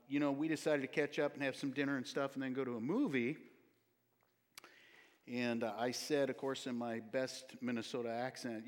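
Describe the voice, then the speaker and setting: Male pastor, mid voice, casual storyteller; long hall reverb. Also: mid-range voice. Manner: folksy, chatty storyteller with many fillers. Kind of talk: sermon with church announcements. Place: church sanctuary.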